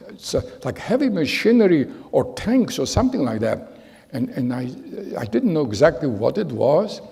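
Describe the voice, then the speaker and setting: An older German man, a Holocaust survivor, gives a personal testimony talk, telling his story and acting out the voices he quotes. His mid-range voice is husky, gravelly, and mellow, and the hall has a long reverb.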